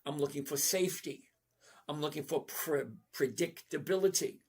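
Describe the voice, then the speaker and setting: Older male livestream host, slightly high husky voice, chatty and repetitive. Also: normal speed, a little mellow. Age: 60s. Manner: chatty, repetitive, addresses viewers by name. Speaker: stock trading livestream host. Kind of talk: live Q&A chat answering viewers.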